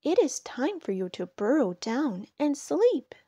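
A woman voicing a slow, plodding turtle in a storybook, muttering and calling out. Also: high voice, big pitch swings, mellow, dry recording, clean studio sound, voice pushed up.

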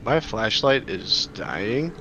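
A man's voice: mid-range voice, animated, slow, muffled recording, noisy background. A man swearing and complaining at a monster while playing a horror game with friends. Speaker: player. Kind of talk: live gaming banter.

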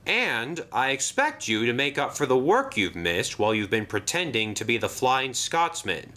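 A man's voice: mid-range voice, big pitch swings, moderate pace, bright, forceful tone. A man doing a stern, strict railway boss. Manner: stern, commanding.

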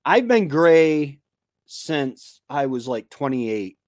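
Man, 50s, livestream host; unhurried, rambling chat, dry close sound. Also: a little high, very animated, a little mellow, no echo. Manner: rambling, with many fillers and restarts. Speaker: homestead show host. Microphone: computer mic on a live stream.

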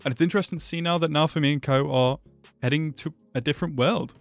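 A man's voice: fairly high pitch, fast, faint music behind. A man hosting an anime reaction video, talking casually and slangily, often calling the viewer "bro". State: hiccuping. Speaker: anime reaction channel host.

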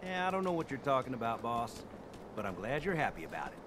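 A man voices a friendly game companion who talks fast, and his pitch bounces around a lot. The audible hiss underneath is fairly clear. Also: very animated, close to an everyday voice. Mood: offhand.

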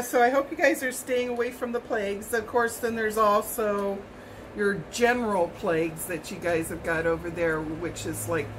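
A woman's voice: mid-range voice, background noise. A middle-aged woman from Hawaii cooking in her home kitchen, chatting in a rambling way as she tastes and snacks. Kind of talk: casual cooking chat.

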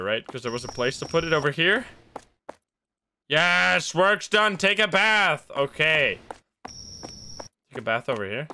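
A man's voice: on the high side, bright, forceful tone, slight background noise. A man thinking aloud and reacting to the game as he plays, on a live gameplay stream.

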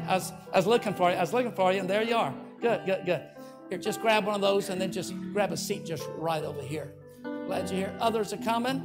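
A man's voice: high-pitched, moderate pace, music in the background. Older male pastor giving an altar call. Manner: earnest, leads prayer, coaxing invitation. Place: church sanctuary.

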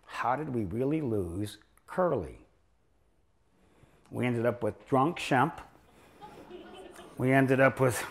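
An older man lecturing as a chiropractor, telling rambling stories in a sarcastic, joking way. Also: medium pitch. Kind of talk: humorous lecture storytelling.

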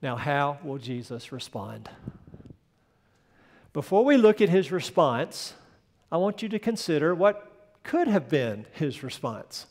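A male pastor delivers a sermon with a high, lifting voice, pressing hard on key words. He builds to loud, ringing peaks and then falls to a near hush. His voice trails off in the long reverb of a large church hall. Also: sing-song, measured pace, pauses often. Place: church sanctuary.

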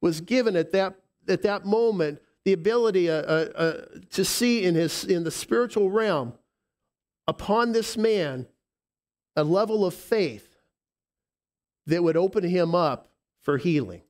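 A male pastor with a lisp preaches in a fairly high voice. He is heartfelt and halting, often restarting his sentences. He drops to soft, tender passages and then rises into firm declarations. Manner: emotional, halting with repeated restarts, swinging from soft to emphatic. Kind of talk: sermon.

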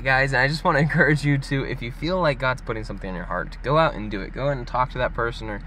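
A young man talking casually to camera in a vlog, chatty and animated, laughing often. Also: mid-range voice, slight background noise. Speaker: vlogger. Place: gym parking area.

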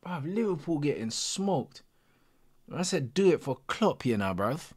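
Excitable young streamer. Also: male voice, a little high, unhurried, breathy edge. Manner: excitable, slangy, repeating exclamations. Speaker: football reaction streamer. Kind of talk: live watch-along reaction.

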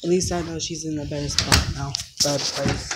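A woman's voice: low voice, fairly even intonation, brisk, heavy background noise. A woman talking to a phone camera while walking outdoors on a cold residential street. She rambles sadly and keeps calling out to her dog. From Texas. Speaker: vlogger. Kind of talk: casual vlog, walking and talking.

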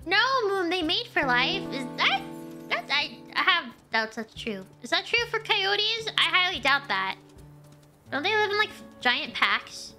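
A woman's voice: very high-pitched, very animated, measured pace, pushed and bright, soft background music. A woman streamer chatting animatedly while playing a game, telling stories as she goes. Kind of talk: casual gameplay chat.

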